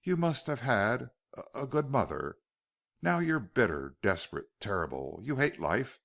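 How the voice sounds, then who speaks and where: A man's voice: mid-range voice, sing-song, unhurried, gravelly, a bit bright, exaggerated voice. A man voicing a young woman captive, earnest. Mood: pleading.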